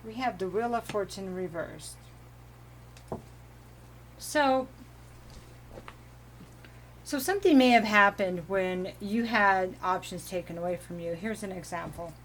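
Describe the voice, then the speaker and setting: A woman giving a casual, meandering tarot reading at home, giggling now and then and clearing her throat from allergies. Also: medium pitch, a little slow, long pauses, fairly bright tone, slight background noise. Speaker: tarot reader.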